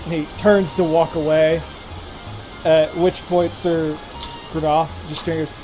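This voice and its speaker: Game master narrating over music. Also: male voice, on the high side, level tone, a little mellow, rough recording. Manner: voices several characters in quick turns. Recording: music playing behind.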